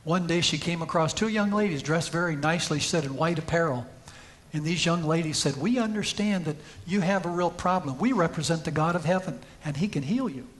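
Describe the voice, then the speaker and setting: A man's voice: a little high, a little fast. A man preaching a sermon in a church, telling a story and rising to emphatic peaks. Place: church sanctuary.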